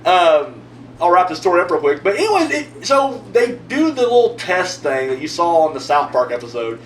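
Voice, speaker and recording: A man hosting his own video channel, telling a long story in a rambling, profane, animated way. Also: high-pitched, normal speed, far from the mic. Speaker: video host answering viewer comments. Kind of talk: casual storytelling monologue. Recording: roomy echo, mic set back, faint hum.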